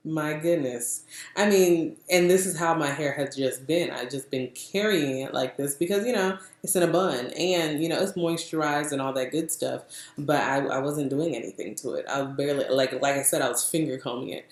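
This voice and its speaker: A young adult woman telling a story in a casual vlog, chatty and animated, laughing often and acting out what people said. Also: sits low, moderate pace. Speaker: vlogger. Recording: roomy echo.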